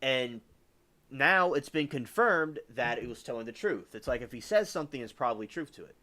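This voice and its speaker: A man's voice: mid-range voice, lively intonation, fairly quick, sharp tone. A man hosting a livestream, giving casual news commentary in a rambling way and often correcting himself. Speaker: livestream host.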